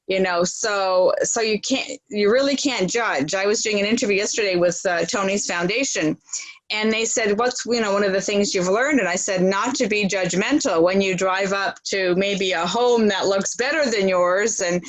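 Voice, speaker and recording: A woman's voice: medium pitch, normal speed, no room sound, low-quality recording. A woman who runs a charity, speaking earnestly and at length in a casual interview, often retelling what people said to her. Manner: earnest, rambling, retells dialogue. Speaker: charity founder, interview guest.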